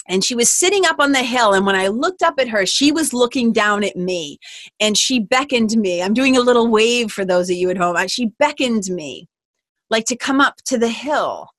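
A woman podcast host telling a personal story in a casual, animated way, full of "like" and the odd swear word. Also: a little high, normal speed, no echo.

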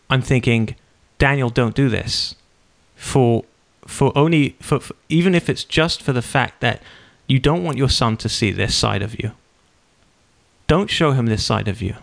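A man in his thirties hosting a podcast, telling a personal story in a casual, animated way and acting out the quotes. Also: mid-range voice, a little slow, creaky. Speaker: podcast host.

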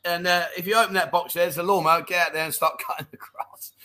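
A middle-aged man hosting a relaxed live-stream chat, reading viewer messages and laughing along. His voice sits a little high and sounds bright and forward, with an easy, jokey, matey way of talking. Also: quick pace. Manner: jokey, laughs often, calls people mate.

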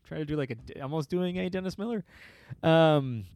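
A man's voice: fairly high pitch, a little slow, darkish tone, no echo. A man telling a rambling, profane comedic story on a podcast and laughing often. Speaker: podcast host.

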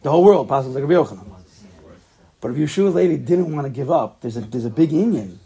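A man's voice: fairly high pitch, lively intonation, fast, gravelly, mellow. A man leading a casual Talmud study class, thinking aloud and checking in with his students. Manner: thinks aloud, asks the class questions, laughs at himself.

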